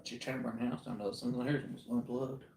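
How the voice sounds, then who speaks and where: A man's voice: medium pitch, steady tone, a little fast, a little mellow, echoey room, a little hiss or hum. A man dropping in on his wife's craft stream, teasing and playfully interrupting her.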